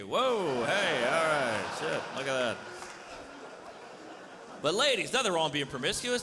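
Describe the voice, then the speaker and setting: A man performing a stand-up comedy set, crude and conversational, leaning on "you know". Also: a little high. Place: comedy club stage. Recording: live stage mic, reverberant hall, loud audience. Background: audience laughter and room noise.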